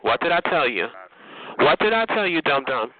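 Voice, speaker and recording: A man's voice: a little high, sing-song, normal speed. A man hosting a phone chat line, trash-talking in a sassy drawl, calling everyone honey and baby. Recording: phone line with loud noise.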